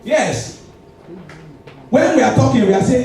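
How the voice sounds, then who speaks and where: A high-pitched man with a Nigerian English accent preaches a lively sermon and acts out the congregation's habits in quick skits. He keeps coming back to a refrain. He is heard from a distance in a very echoey hall. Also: a crowd in the background. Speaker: pastor. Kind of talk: lively church sermon with call and response. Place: large church hall.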